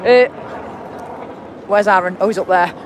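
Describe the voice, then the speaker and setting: A woman live-streaming from a city street, shaken, urgent and worried as she coaxes others to calm down. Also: mid-range voice, unhurried, dull audio. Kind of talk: live vlog from a street protest. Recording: noisy outdoor street.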